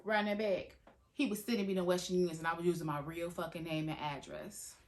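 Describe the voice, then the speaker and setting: A woman tells a storytime tale in a loose, animated way. She swears freely and plays up every twist with big reactions. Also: lowish voice, fairly quick. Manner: animated, dramatic, heavy swearing. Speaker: storytime vlogger. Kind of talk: casual storytime.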